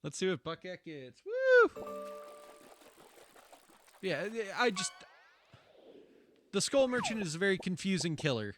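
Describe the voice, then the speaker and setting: A man's voice: fairly high pitch, pushed and bright. A man with a Midwestern accent streaming while gaming, chatting casually, swearing freely and laughing often.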